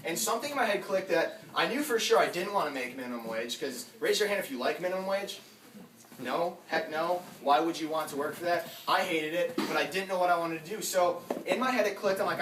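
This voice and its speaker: Young man, recruiter pitch, energetic, slightly high voice, room echo, off-mic. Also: fast talker. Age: young adult. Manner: energetic, addresses crowd directly, acts out quoted dialogue. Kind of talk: sales pitch to a small audience. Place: house basement room. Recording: echoey room from far off, faint noise.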